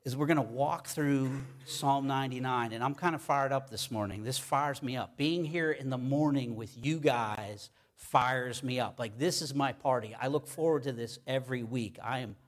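Guy preaching, fired up and loose, stumbles and restarts a lot, average pitch. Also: normal speed, hardly any pauses. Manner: casual, enthusiastic, many fillers and restarts. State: sweaty. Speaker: pastor. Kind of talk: sermon.

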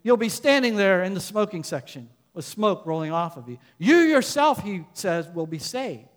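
A man preaching a sermon as a pastor, building to loud emphatic points and then dropping to quiet asides. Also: high-pitched, lively intonation, normal speed, long reverb tail.

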